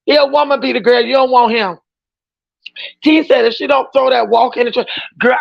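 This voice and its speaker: A woman's voice: on the high side, gravelly, dull audio. A woman hosting a casual livestream reaction chat, talking in an emphatic, outspoken way and often raising her voice.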